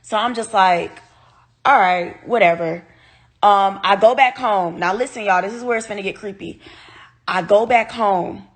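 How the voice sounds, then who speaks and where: A woman telling her viewers a personal story, animated and blunt, swearing freely and sounding upset and near tears. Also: medium pitch, normal speed. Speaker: vlogger.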